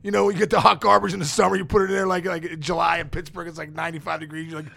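A middle-aged man, a former pro ballplayer and podcast guest, telling an animated, rambling story full of fillers and restarts. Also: fairly high pitch, racing, vocal fry.

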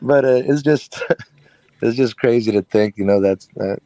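A man's voice: mid-range voice, measured pace, mellow, no echo. A man who runs a carpentry business, telling a personal story as an interview guest in a chatty, rambling way with frequent laughs.

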